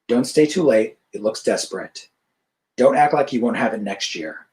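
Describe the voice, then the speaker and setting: A man's voice: medium pitch, animated, moderate pace, darkish tone, lightly acted. A man reading as a catty older socialite mentor. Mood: sardonic. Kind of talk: author reading his fiction aloud.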